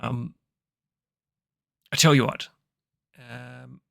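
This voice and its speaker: Brief: hushed, stammering dwarf innkeeper with a big mustache, put on by a man, gravelly and dry. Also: medium pitch, level tone, extremely slow, no room sound, heavily acted. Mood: confiding.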